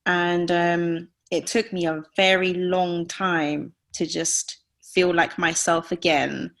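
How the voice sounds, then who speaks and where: A woman's voice: fairly low pitch, flat delivery, takes it slowly, fairly bright tone. A woman in her thirties, a podcast guest, sharing a personal story in an earnest, confessional way, full of "like" fillers. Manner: earnest, heavy use of "like" fillers; openly emotional, confessional.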